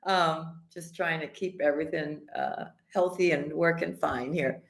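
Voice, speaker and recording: A woman hosting a live tarot stream, greeting viewers by name and calling them sweetheart and honey, her voice slightly hoarse with the odd cough. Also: low voice, steady tone, a little slow. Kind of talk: casual live-stream chat and tarot reading. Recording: echoey room.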